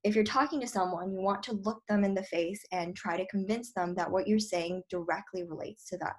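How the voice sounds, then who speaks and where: A woman's voice: mid-range voice, fairly quick, a little mellow. A young woman debate coach giving a casual lecture, full of fillers like "like" and "um". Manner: chatty, filler-heavy, lots of "like" and "um".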